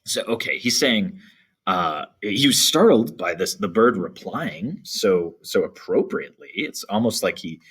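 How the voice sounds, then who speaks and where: A man's voice: lowish voice, animated, a little slow, fairly bright tone, husky. A man teaching English, reading a poem aloud and explaining it to teens in a casual way full of fillers.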